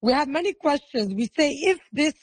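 A woman from Lebanon with a Lebanese accent, speaking English as a second language in a halting interview, with many fillers and restarts. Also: high-pitched, expressive, no echo, rough recording. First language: Arabic. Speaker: interviewee, hotel owner. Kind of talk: recorded interview.

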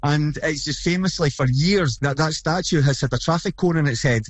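A man's voice: fairly high pitch, brisk, dry recording. Enthusiastic Glaswegian man, chatty. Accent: Glaswegian Scottish. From Scotland. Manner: enthusiastic, chatty, with repeated restarts. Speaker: podcast host interviewed as guest. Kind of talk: phone or remote interview.

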